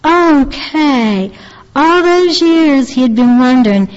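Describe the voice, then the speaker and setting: A woman earnestly retelling a religious testimony as a lay preacher, halting and restarting her sentences. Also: on the high side, a little mellow. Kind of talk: devotional storytelling. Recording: long reverb, dull lo-fi sound.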